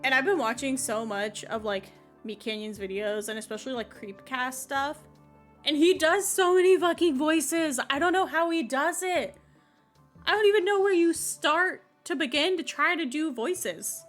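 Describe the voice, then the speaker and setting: A young woman streaming live, chatting casually and excitably between bursts of laughter. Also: high voice, moderate pace, faint music behind.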